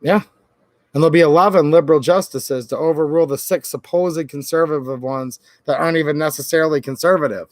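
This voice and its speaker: On a late-night political livestream, a political YouTuber from Michigan rants sarcastically and mocks senators in quoted voices. His voice is fairly high and steady in tone, and he talks at a quick pace. The recording is dry.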